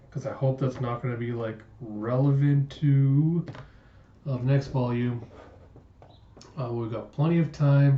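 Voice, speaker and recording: A man's voice: medium pitch, roomy sound, muffled recording, a little hiss or hum. A man narrating a comic book readthrough, reading the characters' dialogue aloud between chatty asides, sighs and groans.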